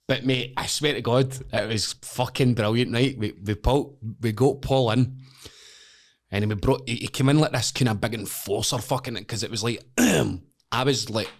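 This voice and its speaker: A Scottish man, a wrestler guest on a podcast, telling stories in casual chat, swearing a lot and laughing through them. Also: medium pitch.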